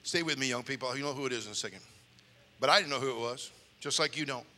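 An older man preaching with humor, an animated storyteller with comic timing who slips into character voices. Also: mid-range voice, fast. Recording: long hall reverb.

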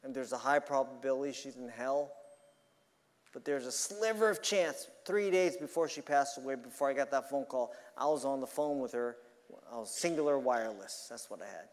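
A man preaching a sermon earnestly, swinging between loud emphasis and quiet, confiding asides. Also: medium pitch, moderate pace, big-room sound.

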